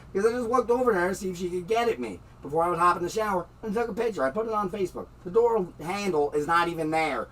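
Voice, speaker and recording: Agitated tenant, mid-high voice, cursing, set back from the mic. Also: male voice, fairly bright tone, recorded from a distance, slight background noise, low-quality recording. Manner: agitated, swearing, heated. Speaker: tenant in a dispute. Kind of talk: angry rant to camera. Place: bedroom at home.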